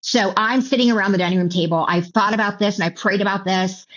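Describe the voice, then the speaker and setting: A middle-aged woman telling her personal story as an interview guest, halting and emotional, with many restarts and repeated words. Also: medium pitch, steady tone, fairly bright tone. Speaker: author and keynote speaker, guest. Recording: dull lo-fi audio.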